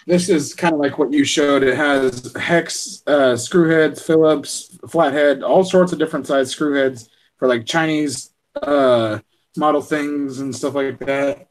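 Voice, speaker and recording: A man's voice: on the high side, measured pace, poor audio. A man co-hosting a casual podcast chat, chatty and laughing his way through stories.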